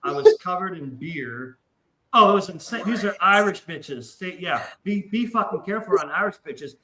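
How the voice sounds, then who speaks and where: A man's voice: sits high, normal speed, roomy sound, poor audio. A man casually telling a wild story, swearing often and acting out the voices of the people in it. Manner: animated, profane, acts out voices in his story. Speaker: podcast guest.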